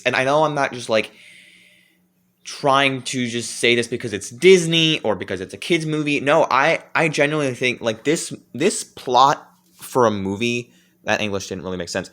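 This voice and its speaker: A man's voice: mid-range voice, a bit bright. A man reviewing movies in a casual vlog, rambling along with many fillers and restarts.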